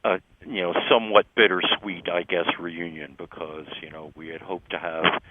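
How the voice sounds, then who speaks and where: Older man with a Philly accent, very low voice, unhurried and halting, heard over a tinny phone line. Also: very noisy. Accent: Philadelphia. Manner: relaxed, halting, many ums and uhs, wry laughs. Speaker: interview guest, musician. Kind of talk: phone interview chat.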